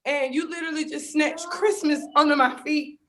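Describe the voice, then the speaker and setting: A woman's voice: sits high, steady tone, moderate pace, fairly bright tone. A woman caller on a group call, tearful and emotional, thanking the hosts in a rambling way. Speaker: caller who won a raffle.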